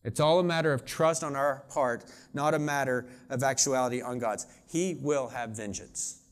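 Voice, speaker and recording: A man in middle age gives a sermon in a relaxed, conversational tone. He presses his points with earnest emphasis, in a voice of ordinary middle pitch. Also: moderate pace. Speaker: pastor.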